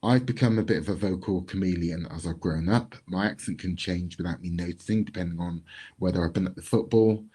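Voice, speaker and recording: Low-voiced man telling his story. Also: dark tone, slightly rough. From Bristol, England. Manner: measured, reflective storytelling with pauses. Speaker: community speaker. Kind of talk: personal reflective talk.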